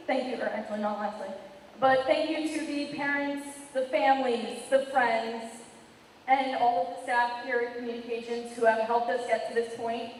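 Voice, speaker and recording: A woman's voice: on the high side, a little hiss or hum. Teen girl giving emotional graduation speech. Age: teens. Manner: emotional, laughing through tears, apologetic. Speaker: senior class president. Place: large hall. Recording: echoey hall from far off.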